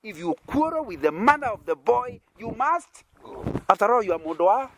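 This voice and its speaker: High, lively Kenyan man preaching. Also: a little fast. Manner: keeps checking in with the audience, with chuckles and rhetorical questions. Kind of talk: interactive sermon teaching.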